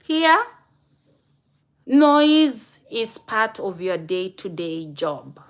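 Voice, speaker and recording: Slow-talking Kenyan woman hosting a live stream. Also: medium pitch, sing-song. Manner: chatty, addresses viewers directly by name. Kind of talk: casual live stream chat.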